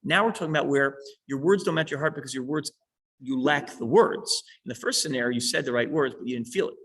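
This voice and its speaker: Gravelly husky male teacher. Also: mid-range voice, fast talker, a bit bright, poor audio. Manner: explanatory, reads a line then unpacks it. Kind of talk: explaining a text to a small class.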